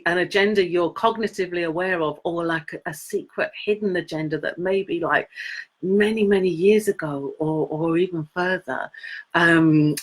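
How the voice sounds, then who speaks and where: A middle-aged woman hosting a live coaching session, talking in a rambling, halting way with many fillers and restarts. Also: mid-range voice. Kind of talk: casual coaching talk to a live audience.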